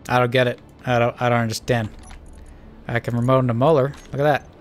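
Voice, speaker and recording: A man's voice: mid-range voice, flat delivery, quick pace. Man, casual gameplay commentary, chatty, self-deprecating, faint background music. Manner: chatty, rambling, self-mocking. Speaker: gaming channel host. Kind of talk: casual let's-play commentary.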